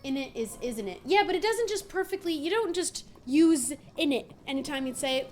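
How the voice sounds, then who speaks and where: High-voiced chatty American woman streamer. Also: animated, moderate pace, a little mellow, faint music behind. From United States. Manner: chatty and playful, laughs often. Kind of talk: casual gaming stream chat.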